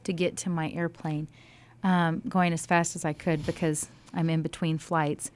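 A woman telling a faith story in a casual, animated way, acting out quoted dialogue and dropping to near-whispers at times. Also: low-pitched, moderate pace.

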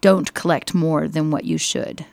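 A woman voicing a fiery male desert prophet who proclaims loudly at crowds. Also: low voice, fairly even intonation, measured pace, vocal fry, no room sound. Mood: firm. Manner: loud, forceful proclaiming. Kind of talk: acted Bible story quotes.

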